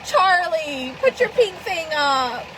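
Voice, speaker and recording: A woman vlogging live in casual chat, swearing freely and laughing often as she tells animated stories. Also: extremely high pitch, takes it slowly, a crowd in the background, rough recording.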